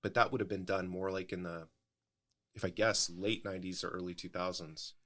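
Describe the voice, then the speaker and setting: Deep-voiced man explaining thoughtfully. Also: steady tone, brisk, fairly bright tone. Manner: explanatory, thoughtful, with frequent restarts. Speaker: pastor. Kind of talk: casual podcast conversation.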